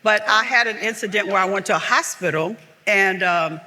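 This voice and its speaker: Older lady guest sharing her story on stage, bright sharp voice, reverby live theater. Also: mid-range voice, moderate pace. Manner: earnest, heartfelt, with frequent restarts. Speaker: guest author. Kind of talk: candid storytelling conversation.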